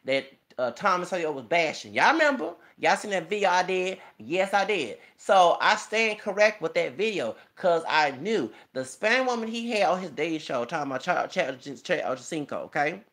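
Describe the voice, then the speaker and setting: A man's voice: high-pitched, lively intonation, normal speed, hardly any pauses, a bit bright. A man ranting emotionally and profanely in his own vlog, delivering celebrity gossip commentary. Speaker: YouTuber.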